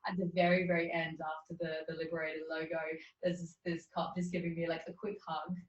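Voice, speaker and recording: Brief: woman interviewee, earnest and animated storyteller, heard from a distance on a muffled line. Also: deep voice, a little fast, a little hiss or hum. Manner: earnest, animated retelling with quoted dialogue. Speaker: guest. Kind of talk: storytelling in conversation. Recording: dull roomy distant sound.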